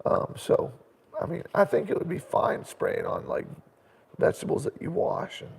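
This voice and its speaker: A middle-aged man hosting a casual live question-and-answer chat at home, an animated storyteller who laughs often. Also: fairly high pitch, normal speed, creaky, breathy edge. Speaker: host. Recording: reverberant room sound.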